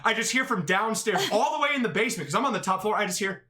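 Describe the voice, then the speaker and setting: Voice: medium pitch, lively intonation, fast talker, heavy background noise. A guest in casual chat, telling stories animatedly, swearing and laughing.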